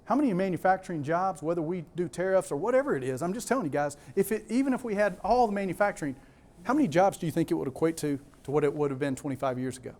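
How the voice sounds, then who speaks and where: This Southern-accented man's voice is high, expressive, racing and a little mellow. Delivering a keynote to a live crowd as a conference speaker, he hammers home key words by repeating them and fires questions at the audience.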